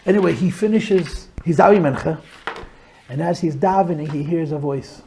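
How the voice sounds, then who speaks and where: Gravelly-voiced rabbi telling a story. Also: male voice, fairly high pitch, moderate pace, slight background noise. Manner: animated storyteller, stretches words for emphasis. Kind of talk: storytelling to a small group.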